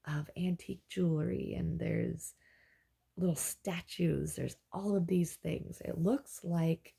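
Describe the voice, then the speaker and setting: A woman casually recounting a dream she had, rambling and halting with fillers and restarts, and livening up when she gets excited. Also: deep voice, creaky, husky. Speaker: dream journaler.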